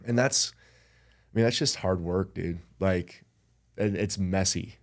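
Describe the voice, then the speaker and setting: Male guest, very low voice, earnest reflective chat. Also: takes it slowly. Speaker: podcast guest. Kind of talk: casual conversation.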